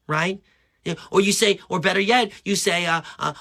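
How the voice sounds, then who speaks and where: Forceful, blunt man ranting. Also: high-pitched, brisk. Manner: blunt, profane, emphatic, keeps asking "right?". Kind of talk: direct-to-camera rant.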